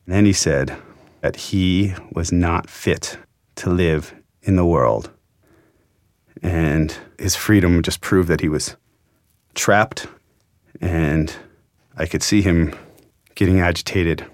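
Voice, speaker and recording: A man's voice: deep voice, slow pace, pauses often, no echo, studio quality. A man, a journalist, earnestly retelling an emotional story from his own experience, quoting the dialogue. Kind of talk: storytelling interview.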